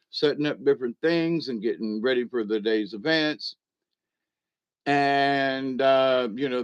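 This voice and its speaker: A man's voice: medium pitch, no echo. Dry-sounding man telling a rambling story. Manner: rambling, chuckling, acts out other voices. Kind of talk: casual comic storytelling. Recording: dull lo-fi dry recording.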